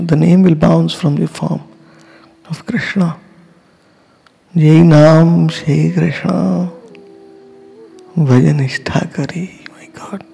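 Gravelly soft-spoken man giving a devotional talk. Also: fairly high pitch. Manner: soft, slow and emotional, drifting into whispers and chant. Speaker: spiritual teacher.

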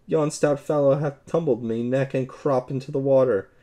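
A man's voice: moderate pace, dark tone, close to an everyday voice. A man voicing a bold, merry male outlaw leader in an audiobook, speaking in old-fashioned hearty tones. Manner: old-fashioned hearty speech, raised pitch.

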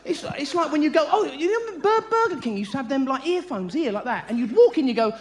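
A middle-aged man doing a frantic live stand-up routine, breaking into sudden high yelps, on a large theatre stage. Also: sing-song, fast talker. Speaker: stand-up comedian. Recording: live theatre audio with loud audience laughter.

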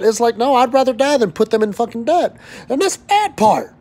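A fired-up man in his thirties rants to camera, his voice pitched high for a man. He swears constantly, doubles back and restarts his words, and keeps the heat of a worker venting. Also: lively intonation, brisk, a little mellow. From West Texas. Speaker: oil and gas worker vlogger. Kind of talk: angry profane rant to camera.

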